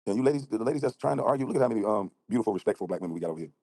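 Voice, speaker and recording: A man livestreaming from an outdoor balcony at night, ranting rapidly and combatively and acting out both sides of an argument. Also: fairly low pitch, lively intonation, warm tone, no room sound. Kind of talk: heated casual livestream rant.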